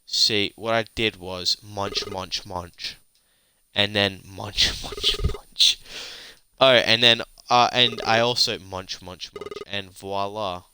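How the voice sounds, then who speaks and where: A man's voice: on the low side, steady tone, unhurried, sharp tone, clear, resonant tone. A man reading the part of a cheeky twelve-year-old girl aloud, playfully, while eating, as he plays a game. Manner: playful, talks while munching. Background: game music.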